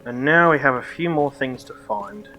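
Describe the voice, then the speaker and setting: A man's voice: medium pitch, moderate pace, bright, forceful tone, soft background music. A man streaming a video game, joking to himself and laughing often in casual commentary. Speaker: gaming streamer. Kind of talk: casual let's-play commentary.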